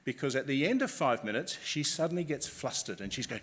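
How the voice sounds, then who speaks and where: Brief: presenter, mid-pitched, engaging and conversational in front of an audience. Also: male voice, a little fast, few pauses. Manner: lively, chatty, asks the audience questions. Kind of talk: live public talk. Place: conference room with live audience.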